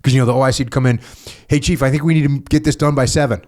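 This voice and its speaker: A man's voice: mid-range voice, fairly even intonation, very fast, darkish tone. A middle-aged man hosting a podcast, telling stories casually and acting out quoted voices with emphasis. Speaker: podcast host. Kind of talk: casual conversational storytelling.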